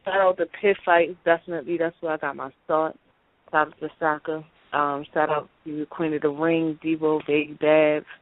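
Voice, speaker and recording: A woman calls in over a thin, phone-like line, her mixed Baltimore and New York accent coming through clearly. She talks easy and laid-back, full of street slang and shout-outs, and the sound is dry and close, with no room around it. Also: deep voice, level tone, moderate pace, no echo. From Brooklyn, New York. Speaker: battle rapper guest calling in. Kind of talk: casual phone interview. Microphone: phone call.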